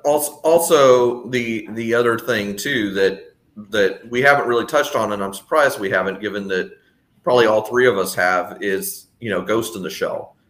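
A man's voice: lowish voice, moderate pace, a bit bright. A man co-hosting a podcast, talking casually in long rambling stretches with frequent restarts and sardonic asides. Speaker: podcast co-host. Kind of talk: casual discussion.

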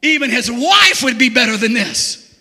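A man preaching a sermon to a church, folksy and joking, rising often into shouts. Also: very high-pitched, sing-song, normal speed, long reverb tail.

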